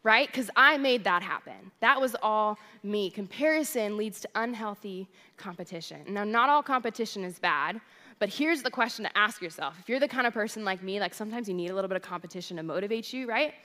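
A woman's voice: medium pitch, animated, brisk, sharp tone, in a large hall. A young adult woman, a worship director, giving a sermon in a chatty storytelling way. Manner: chatty storytelling, addresses crowd as "you guys". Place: church hall.

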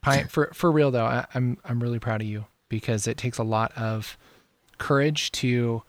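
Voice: mid-range voice, moderate pace, no echo. A host in a casual interview, playful and encouraging toward the guest. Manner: playful, encouraging, prone to silly voices.

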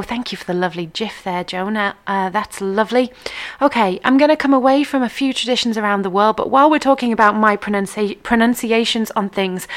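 Woman host, casual live-show chatter, self-mocking about pronunciation. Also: mid-range voice. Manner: chatty, laughs at her own pronunciation.

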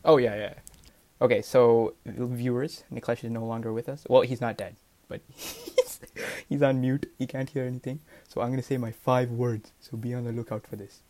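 A man's voice: mid-range voice, fairly even intonation, moderate pace, a little mellow. Teasing teen guy on a video call. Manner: playful, teasing, filler-heavy. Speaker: co-host. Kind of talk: casual game chat.

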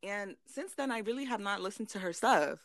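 A woman's voice: medium pitch, lively intonation, a little fast, no echo. A young woman co-hosting a podcast, talking bluntly and emphatically in a casual chat, swearing freely. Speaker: podcast co-host.

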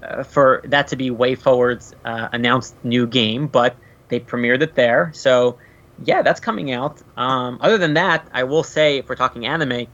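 A man's voice: mid-range voice, normal speed, a bit bright, lo-fi sound. A man co-hosting a casual video game podcast, chatting loosely with lots of "like" fillers. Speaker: podcast co-host. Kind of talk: casual chat.

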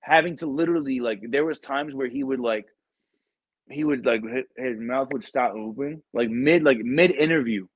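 A man's voice: mid-range voice, moderate pace, husky, dry recording, narrow, tinny audio. Podcast host, young man, slangy and profane, close dry sound. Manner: slangy, profane storytelling with many fillers. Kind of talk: casual chat.

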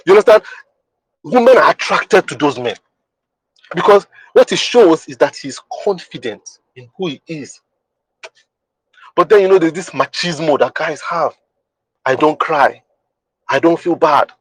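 A man's voice: on the high side, expressive, moderate pace, pauses often, slightly rough, poor audio. A man hosting a podcast who teaches in an emphatic, repetitive way and often asks the listener whether they understand. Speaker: podcast host. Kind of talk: teaching monologue.

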